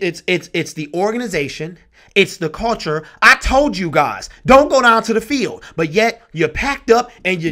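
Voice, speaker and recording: Exasperated high-voiced man ranting. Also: bright, forceful tone. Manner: passionate, exasperated, repetitive. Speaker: sports vlogger. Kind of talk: ranting sports commentary.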